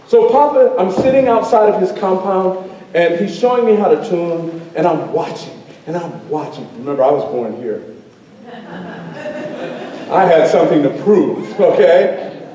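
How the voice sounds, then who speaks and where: In a school auditorium, a man tells a story live, playful and animated, pulling the audience in through call and response. His voice is high and his pace measured, recorded from far away in a very echoey hall.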